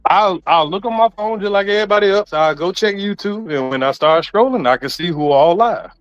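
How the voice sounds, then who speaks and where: A man's voice: sits high, a little fast, clean tone. A man who is an online content creator, arguing in a heated casual way, mocking and sarcastic and often repeating himself. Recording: dull lo-fi audio with faint music.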